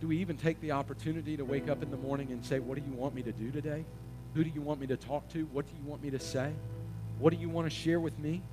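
A man preaching a sermon, asking the congregation questions and swelling to loud emphatic peaks. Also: a little high, steady tone, fast talker, over music. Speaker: pastor.

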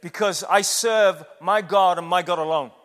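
A man's voice: sits high, normal speed, voice pushed up. A man voicing a defiant young man who vows he will not bow, his voice climbing to a fervent cry. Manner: rising to a fervent shout. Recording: echoey hall.

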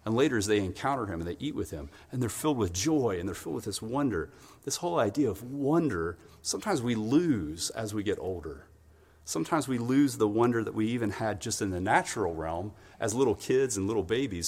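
A man preaching a sermon in an animated storytelling way, acting out the voices of the people in his stories. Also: fairly low pitch, fairly quick, slightly rough, big-room sound.

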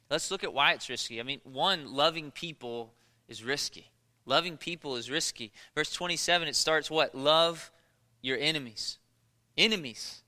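Bright, animated man preaching a sermon. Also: mid-range voice, in a large hall. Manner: animated, joking, rising to near-shouts when acting out fear. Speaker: pastor. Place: church.

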